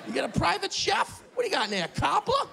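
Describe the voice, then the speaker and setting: A man voicing a cranky old retired New Yorker, yelling in outrage. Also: very high voice, sing-song, measured pace, vocal fry, noisy background, voice pushed up, exaggerated voice. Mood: outraged. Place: apartment, live audience.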